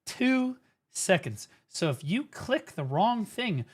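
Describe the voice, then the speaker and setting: A man's voice: high-pitched, takes it slowly, slightly rough. A man streaming casual reaction commentary on game clips, laughing often and swearing freely as he tells stories. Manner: profane, laughing, animated storyteller.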